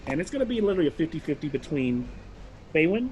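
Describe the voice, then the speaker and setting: A man's voice: a little high, very animated, fast talker, warm tone, slight background noise. A man narrating a tabletop game as game master, rambling along with lots of fillers.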